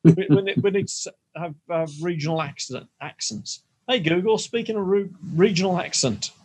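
A man's voice: sits high, normal speed, darkish tone, slightly rough. A man in casual podcast chat, joking around and mimicking gadget voices. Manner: playful, jokey, mimics voices. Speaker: podcast co-host.

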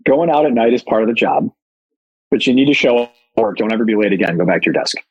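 A man playing a gruff, barking older boss. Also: lowish voice, lively intonation, fast talker, lo-fi sound. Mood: stern. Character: gruff older male company owner scolding.

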